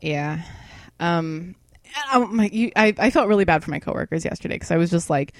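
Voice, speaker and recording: Slightly drunk on wine, this young podcast co-host rambles through casual chat, cursing freely amid plenty of laughter. She speaks briskly in a fairly low voice, captured in studio quality without echo.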